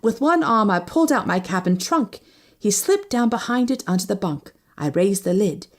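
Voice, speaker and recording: A woman narrating a first-person novel as an audiobook, reading expressively. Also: normal speed. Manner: expressive, shifting pitch with each character.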